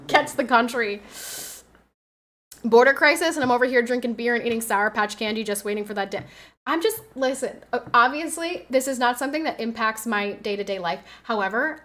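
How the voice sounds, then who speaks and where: A woman's voice: fairly high pitch, normal speed, a bit bright. A woman streaming from home, chatting casually and telling stories in a rambling way, with lots of fillers and the odd swear word. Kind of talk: casual livestream chat.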